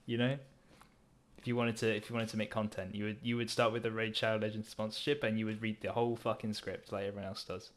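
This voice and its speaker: A man's voice: fairly low pitch, level tone, fast. A young man chatting casually on a gaming stream, rambling through his thoughts and laughing often.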